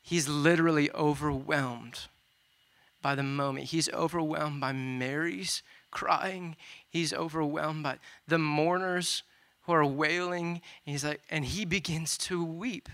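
A man's voice: a little high, fairly even intonation, slow pace, fairly bright tone. A man preaching a sermon, retelling scripture in a loose, conversational way with casual asides.

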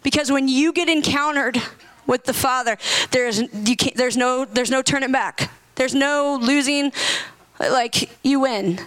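The recording is low quality, but the woman's high voice comes through clean and a bit bright, speaking a little slowly. She preaches an impassioned sermon, reading scripture and then slipping into slang, her voice rising to cries when quoting prayer.

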